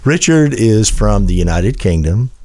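A man hosting a casual radio talk show, reading odd news stories in a slow, emphatic, wry way. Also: fairly low pitch, sing-song, dark tone. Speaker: radio host.

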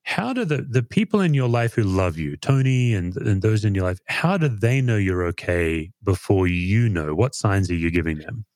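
A man, a therapist interviewing a guest, asking probing questions in a gentle, measured and slightly halting way. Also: lowish voice, sing-song, no room sound, studio quality.

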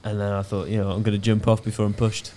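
A man's voice: on the low side, completely flat delivery, fast talker, warm tone, slight background noise. A male comedian guest on a podcast, talking casually in a dry, hesitant way with many fillers.

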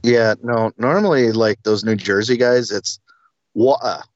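A man's voice: lowish voice, moderate pace, no room sound, lo-fi sound. A man from central Wisconsin, a podcast guest in casual chat, joking and self-deprecating.

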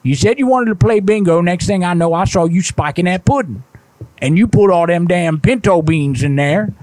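A man voicing a cranky, foul-mouthed old grandpa ranting at a prank-call target in rough slang. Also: high voice, normal speed, a little mellow, dry recording, close to an everyday voice. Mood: irate grumbling. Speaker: prank caller.

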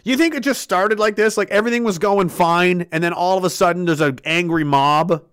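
A man delivering an angry political rant full of profanity and sarcasm, breaking into shouted outbursts. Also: high voice, brisk, smooth, no room sound, clean studio sound.

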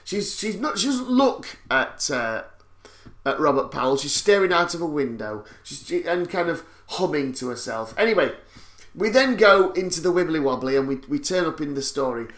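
A man's voice: on the high side, animated, normal speed, a bit bright. Wry man recapping a film. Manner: wry, joking, swears for comic effect. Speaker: podcast co-host. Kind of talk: casual chat recapping a film.

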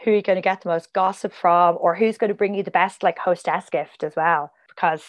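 A woman talking as a podcast guest in relaxed conversation, her voice sitting a little low. She rambles happily, drifts into tangents and fills her sentences with "like" and "um". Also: a little fast. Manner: chatty, rambling, many fillers and tangents. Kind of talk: casual podcast chat.

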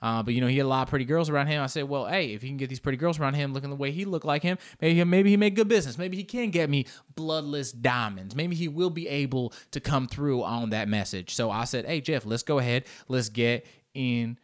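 A man voicing a shady male diamond dealer who pitches his goods in a low, soft, smooth sales patter. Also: fast talker, hardly any pauses, natural voice. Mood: smooth-talking.

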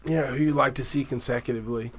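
A man's voice: mid-range voice, steady tone, quick pace, fairly bright tone, husky. A man as a podcast guest in casual chat, laid-back and swearing freely. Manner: laid-back, says "bro" and swears a lot.

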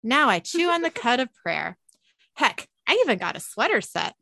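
A woman's voice: fairly high pitch, sing-song, normal speed, creaky, pushed and bright, no echo, pitched above the performer's own voice, exaggerated voice. A woman reading the lines of a scheming, mocking female pagan goddess, lightly voiced. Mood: sneering. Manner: light read-aloud of quoted lines.

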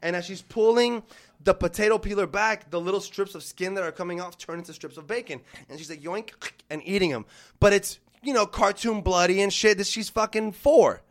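A man in his thirties telling a story in casual podcast chat, animated and full of swearing. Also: high-pitched, fairly quick. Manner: animated, profane, acts out quotes.

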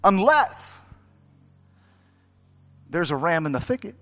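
A man's voice: high voice, big pitch swings, slow pace, fairly bright tone. A man preaching a sermon as pastor at a church service, driving his points home with emphatic, repeated exhortations.

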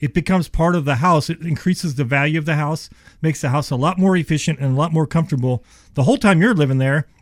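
Fast-talking man pitching on radio. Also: no echo, studio quality. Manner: fast, enthusiastic sales pitch with restarts. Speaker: HVAC company owner and radio guest. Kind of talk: radio sales chat.

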